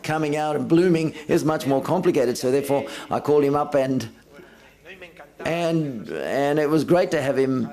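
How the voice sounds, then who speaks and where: A man's voice: on the high side, expressive, moderate pace, dark tone. A man giving simultaneous interpretation at a film festival press conference, relaying each speaker in the first person and lifting his voice for quoted lines.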